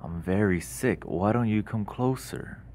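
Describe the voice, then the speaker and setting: A man voicing a predatory wolf disguised as a grandmother, coaxing slyly and then roaring threats in a homemade animated fairy tale. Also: fairly low pitch, unhurried, no room sound. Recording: noisy homemade recording.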